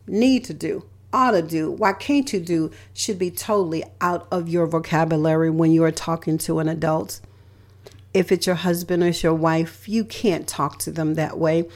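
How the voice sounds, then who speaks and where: A woman's voice: mid-range voice, a little mellow. Emphatic woman hosting a motivational talk. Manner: emphatic and repetitive, stressing key words with lists. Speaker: radio host and relationship counselor.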